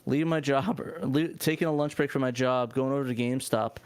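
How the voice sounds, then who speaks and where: A man's voice: medium pitch, a little fast, clear, resonant tone. A man co-hosting a live show, chatting casually and leaning on filler words like "like". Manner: animated, filler-heavy, many "like"s. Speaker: show co-host.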